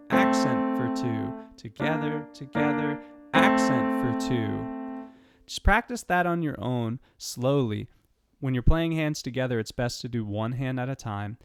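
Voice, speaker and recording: Slow, patient male piano teacher. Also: medium pitch. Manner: patient, counts notes aloud while playing. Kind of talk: step-by-step piano lesson. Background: piano playing.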